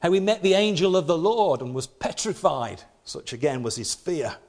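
Animated male preacher. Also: a little high, normal speed. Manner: animated, dramatic scripture reading with playful asides. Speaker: pastor. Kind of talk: sermon.

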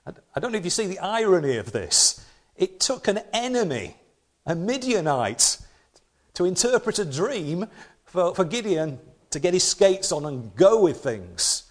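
Male pastor, lively dramatic delivery, slightly higher voice, playful asides in a Sunday sermon. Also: unhurried. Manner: animated, dramatic scripture reading with playful asides.

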